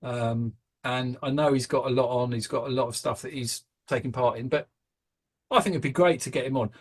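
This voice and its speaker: A man's voice: mid-range voice, brisk, slightly rough. A British man hosting a casual podcast, rambling with plenty of ums and restarts. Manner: rambling, hesitant, many fillers. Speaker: podcast host.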